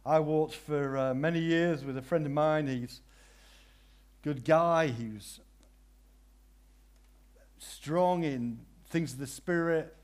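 A man preaching a sermon, swinging from hushed, prayerful phrases to loud cries and repeating his questions for emphasis. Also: fairly high pitch, takes it slowly, long pauses.

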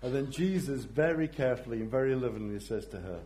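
A man preaching a sermon in a reflective way, often dropping to a soft voice for emphasis. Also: medium pitch, expressive, fast talker, hardly any pauses.

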